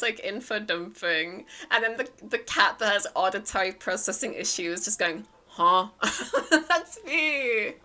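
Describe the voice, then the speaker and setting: A woman livestreamer talking casually to her viewers with a bright, sharp voice. She tells her story in a rambling, hesitant way, full of fillers. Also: medium pitch. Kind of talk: casual stream chat.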